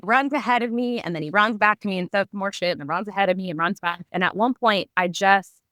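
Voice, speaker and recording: A woman's voice: mid-range voice, a bit bright, dry recording, clean studio sound. A woman in her thirties, a podcast guest, telling a personal story candidly and vividly, with lots of "like" fillers. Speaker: guest, psychic medium and artist.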